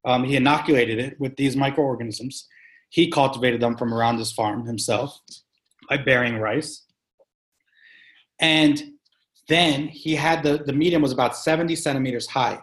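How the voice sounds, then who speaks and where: A man talking as an interview guest about farming, telling an animated story with emphatic, punchy delivery and casual swearing. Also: mid-range voice, moderate pace. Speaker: guest, sustainable farming practitioner. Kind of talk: conversational storytelling.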